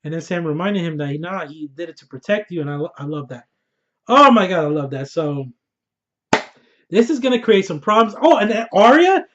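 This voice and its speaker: Hyped high-voiced man reviewing TV. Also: big pitch swings, normal speed, fairly bright tone. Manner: hyped, slangy, swears freely. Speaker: TV episode reviewer. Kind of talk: casual excited review. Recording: dull lo-fi recording.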